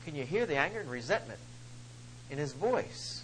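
A male preacher giving an emphatic sermon, swinging between loud stresses and soft asides. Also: on the high side, very animated, normal speed, slight background noise, poor audio.

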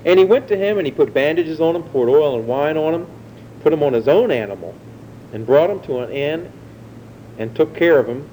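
A man delivering a sermon in a conversational teaching manner, often asking his listeners questions. His voice sits a bit higher than most men's but sounds mellow and dark. A faint low rumble runs under the recording. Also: lively intonation, fairly quick, rough recording. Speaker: preacher.

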